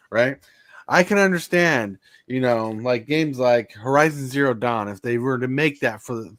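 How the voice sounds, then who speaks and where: A man's voice: a bit bright, no echo. Man, casual podcast chat, rambling, filler words, dry close sound. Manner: rambling, repeats himself, gets defensive and shrill. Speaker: podcast co-host.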